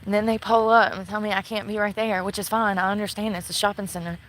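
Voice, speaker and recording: A woman's voice: mid-range voice, little pitch movement, fast, fairly bright tone, poor audio. Woman ranting bitterly on a phone livestream. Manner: bitter, swearing constantly. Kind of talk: angry profane ranting livestream. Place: outdoors at night near a shopping center. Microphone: phone camera.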